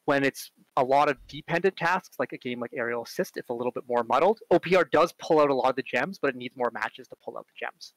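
A man giving a casual conference talk, chatty, full of fillers, and animated when he tells stories. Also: mid-range voice, fast, hardly any pauses, no room sound, rough recording. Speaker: conference speaker on robotics strategy.

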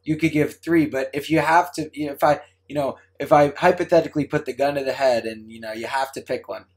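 A man's voice: mid-range voice, steady tone, fast talker. A man hosting a podcast interview, friendly and casual, often restarting his sentences. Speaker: podcast host.

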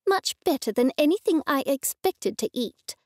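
A woman's voice: high voice, lively intonation, moderate pace, a little mellow, no echo, studio quality, voice pushed up. A woman reading an audiobook, voicing a grown daughter who speaks down to her mother in a sneering, condescending way. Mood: snide. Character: snide adult daughter, scornful.

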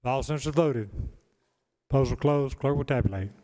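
A man's voice: mid-range voice, normal speed, mellow. A man presiding over a legislative chamber, announcing votes and rulings in clipped, routine phrasing. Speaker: presiding officer. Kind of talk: formal chair announcements. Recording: distant mic, echoey chamber.

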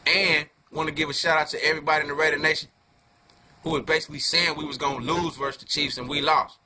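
A man giving a heated fan rant to camera, full of profanity and street slang, dropping low then flaring into loud outbursts. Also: little pitch movement, fast talker, a crowd in the background. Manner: profane slangy talk, keeps calling listeners "dog"; swings from low muttering to loud angry outbursts. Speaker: fan video reviewer.

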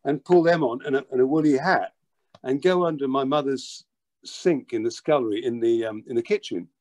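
An older man, telling a childhood story as an interview guest, lively and full of restarts and repeated words. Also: medium pitch, moderate pace. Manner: animated, repeats words while acting out a story. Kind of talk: anecdotal storytelling.

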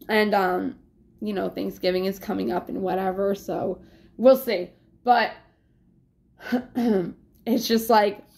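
A woman's voice: on the high side, gravelly. A woman vlogger talking in a rambling, casual confessional way, with plenty of fillers and swearing.

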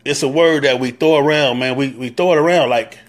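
A man's voice: medium pitch, a little fast. A man with a Southern US accent giving a live-stream talk, preaching on brotherhood and greeting viewers by name as he goes. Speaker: motorcycle club leader.

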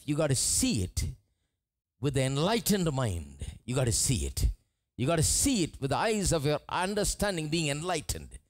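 A male pastor from India delivers a live church sermon, acting out the lines of Bible figures as he goes. His voice sits somewhat high and rises and falls widely as he preaches. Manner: animated preaching, acts out dialogue of Bible figures. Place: church service, live recording.

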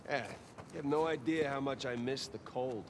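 Restless, teasing older brother for a game cutscene, mid-pitched, voiced by a man. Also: normal speed, noisy background, close to an everyday voice. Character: adult male adventurer, older brother, sly and restless. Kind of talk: video game cutscene acting.

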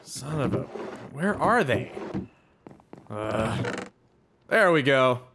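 A man's voice: medium pitch, very animated, takes it slowly, background noise. A man casually commenting on his own gameplay, chatting to himself and to the animals in the game. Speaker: gaming channel host. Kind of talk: casual let's-play commentary.

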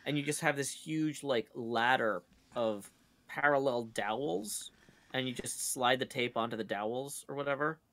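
Gravelly, rambling man chatting. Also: medium pitch, normal speed, a bit bright. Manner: rambling storyteller, many fillers and restarts. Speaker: co-host on a stream. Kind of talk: casual chat.

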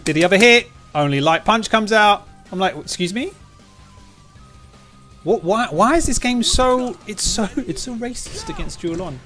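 A man streaming a fighting game in loose, casual chatter, his voice swinging widely in pitch as he bursts into yelling at the screen. Faint music plays behind him. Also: normal speed, hardly any pauses. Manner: excitable, yells and swears at the game.

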